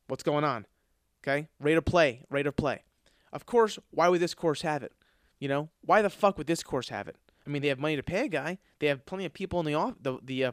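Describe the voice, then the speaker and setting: A man's voice: medium pitch, no room sound, studio quality. A man telling a story in a casual monologue, ranting with a lot of swearing. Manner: profane, animated ranting with frequent swearing. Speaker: podcast host.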